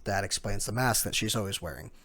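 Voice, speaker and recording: A man's voice: fairly low pitch, fast talker, fairly bright tone. A man casually narrating a manga chapter recap, with chatty fillers and asides. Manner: chatty, chuckling, filler words.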